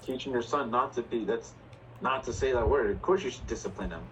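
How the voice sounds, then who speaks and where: A man's voice: mid-range voice, a little fast, fairly bright tone. A man in a casual chat who gives blunt, short verdicts. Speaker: co-host giving verdicts. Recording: distant from mic, faint background noise.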